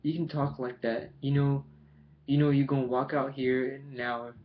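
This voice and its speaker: A man voicing a bitter, sullen young male prisoner in an audiobook reading, with flat, mumbled taunts and a dull, lo-fi sound. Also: medium pitch, normal speed, lightly acted. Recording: dull lo-fi home recording with faint hiss.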